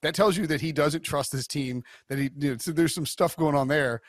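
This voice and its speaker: A man's voice: on the high side, brisk, no echo, clean studio sound. A man co-hosting a sports betting podcast, giving blunt opinions in a rambling casual way with many restarts. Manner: rambling, frequent restarts and fillers.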